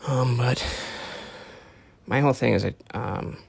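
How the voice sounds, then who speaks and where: A man's voice: mid-range voice, measured pace, vocal fry, slightly rough, dry recording. A man hosting his own podcast, rambling in a casual, profane way and acting out the voices he quotes. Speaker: podcast host. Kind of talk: casual solo podcast monologue.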